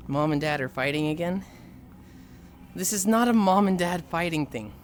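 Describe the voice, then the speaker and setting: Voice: mid-range voice, lively intonation, normal speed, pauses often, a little hiss or hum. A streamer chatting casually with viewers while walking on a treadmill, tired from the long walk, exasperated and sighing often. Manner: exasperated, sighing often, reading and answering chat. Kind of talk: casual live-stream chat.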